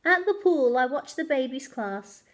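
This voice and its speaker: Librarian reading to kids, expressive storyteller, high and animated. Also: female voice, a little slow. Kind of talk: children's story read-aloud.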